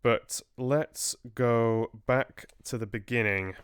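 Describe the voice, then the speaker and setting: A man's voice: mid-range voice, steady tone, slow pace, clean tone, dry recording, clean studio sound. A man hosting a casual livestream book club, chatting and rambling to viewers with laughs.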